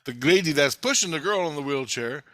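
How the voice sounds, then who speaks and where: A man's voice: fairly high pitch, expressive, fairly quick, fairly bright tone, dry recording. A man casually telling a personal story in a blunt, rambling way, swearing freely and laughing at himself. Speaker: vlogger.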